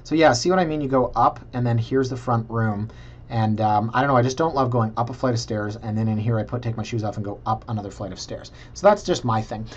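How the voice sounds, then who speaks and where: A man's voice: medium pitch, fast talker, muffled recording. A Canadian man casually talking viewers through property listings in a chatty, sarcastic way. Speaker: real estate vlogger.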